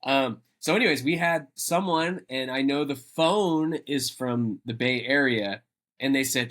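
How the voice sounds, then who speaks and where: A man's voice: medium pitch, expressive, slow, fairly bright tone. A man co-hosting a podcast in casual chat, rambling and laughing often. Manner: laughing, rambling, self-interrupting. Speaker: podcast co-host.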